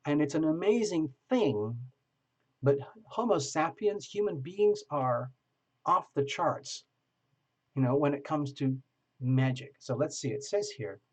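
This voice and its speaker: A man's voice: medium pitch, darkish tone, low-quality recording. A man doing a live-stream tarot reading, chatty and reassuring, often checking in with his viewers. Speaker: tarot reader.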